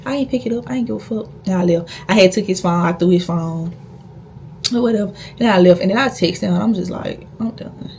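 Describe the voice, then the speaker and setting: A woman's voice: mid-range voice, quick pace, creaky, a little mellow, slight background noise. A young woman vlogger telling a personal story in a blunt, profane, emphatic way. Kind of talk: casual storytime.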